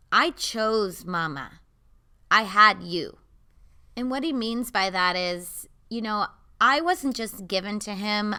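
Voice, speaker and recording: Young mom vlogger, bright and crisp voice, earnest and confiding. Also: female voice, mid-range voice. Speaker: mother and vlogger. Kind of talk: candid personal vlog talk.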